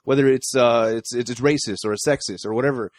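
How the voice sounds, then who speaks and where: A man's voice: mid-range voice, quick pace, dry recording, studio quality. A man co-hosting a podcast in casual chat, often stammering and repeating words. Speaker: podcast co-host.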